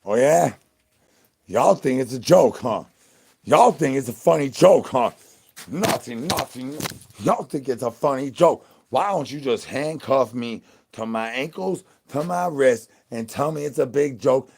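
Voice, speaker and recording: A rowdy, hungry male zombie with a drawl, as a man puts him on. He rambles through crude sing-song nonsense and begs for brains in a fairly low voice. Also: normal speed, lightly acted. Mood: indignant. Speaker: comedy channel host. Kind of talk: improvised comedy rant.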